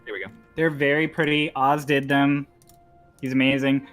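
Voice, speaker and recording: A man joking around in a relaxed group call, ribbing his friends and laughing easily. His pitch sits in a middle range. Soft music plays faintly behind him. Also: moderate pace. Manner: teasing, joking, laughs often. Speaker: show regular. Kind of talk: casual group chat on stream.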